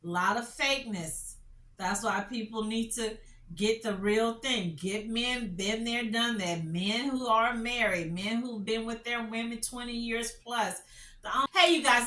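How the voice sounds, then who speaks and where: A middle-aged woman talks through a commentary piece, reading each line slowly and answering it with loud disbelief. Her voice is bright and fairly high. She sounds set back from the mic in a roomy, echoing space. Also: animated. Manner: dramatic, incredulous reactions, slow emphatic reading. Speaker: commentary channel host. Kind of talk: casual commentary, reading and reacting. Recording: echoey room, voice from a distance.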